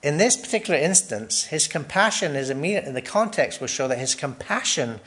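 A man with a fairly high, fairly bright voice and lively intonation speaks a little fast while preaching a sermon conversationally. He poses questions to the congregation, adds "right?" to his points and laughs lightly between phrases.

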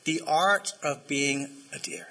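A pastor preaches in a conversational style, frequently checking in with listeners and asking the congregation to respond. His voice is a little high, slow and sharp-toned, on a rough recording.

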